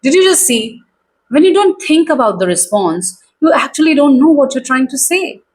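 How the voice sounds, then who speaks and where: A woman communication coach teaching straight to camera in a clear, measured, emphatic way. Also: high voice, big pitch swings, a little mellow.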